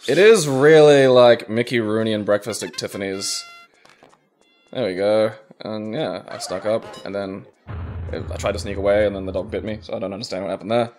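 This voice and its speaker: A man's voice: on the low side, moderate pace, a little mellow, faint music behind. Give me a man who laughs easily and rambles as he plays a game for a let's-play. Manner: laughs often, loose rambling talk with swearing. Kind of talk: casual let's-play commentary chat.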